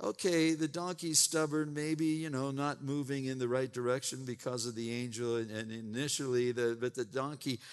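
A man's voice: mid-range voice, fairly even intonation, moderate pace, few pauses, smooth. A man preaching a sermon, retelling scripture with emphatic asides and repeated words. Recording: long reverb in a large hall.

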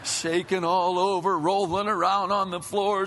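A man preaching a sermon as pastor, telling stories in an animated way and acting out the people in them. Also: high-pitched, a little slow, long reverb tail, faint music behind. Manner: animated storytelling, acts out voices.

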